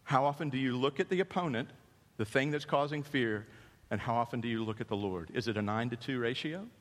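A man preaching a sermon as a pastor, animated and storytelling, dropping to hushed tones and rising again. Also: mid-range voice, brisk. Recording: long hall reverb.

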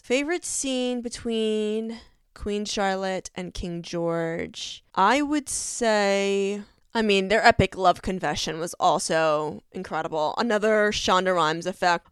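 A woman's voice: mid-range voice, clear, resonant tone, dry recording, clean studio sound. A young woman hosting a casual solo podcast, talking in a gushing, enthusiastic way with lots of fillers. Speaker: podcast host.

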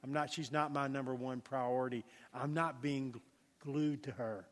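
A man preaching a sermon as pastor, telling a story with lively emphasis and dropping to a hushed tone for prayer. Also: mid-range voice, moderate pace, long reverb tail.

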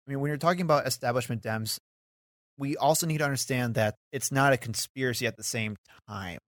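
A man co-hosting a political podcast in casual chat, talkative and quick to laugh. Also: mid-range voice, a bit bright, dry recording, studio quality. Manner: talkative, laughs often, hedging asides. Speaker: podcast co-host.

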